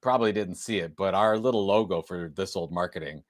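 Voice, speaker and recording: A middle-aged man co-hosting a podcast in casual banter, tossing off quick joking one-liners. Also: low-pitched, dry recording, clean studio sound. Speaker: podcast co-host.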